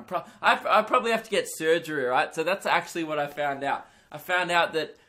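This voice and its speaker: A young man hosting a comedy podcast, telling a crude, self-mocking story in an animated stand-up style. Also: on the high side, brisk, few pauses.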